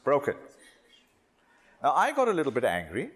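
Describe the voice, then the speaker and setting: A man speaking slowly and deliberately at a religious workshop, with pauses, restarts and non-native English phrasing. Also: mid-range voice, wildly swooping pitch, slightly rough.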